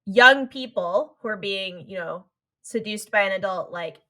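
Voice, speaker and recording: A woman in her thirties co-hosting a podcast, chatting casually through an episode recap. Her voice is bright and forward. She keeps dropping into quick impressions of the characters while she tells the story. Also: medium pitch. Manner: animated retelling that acts out the characters' lines. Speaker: podcast co-host.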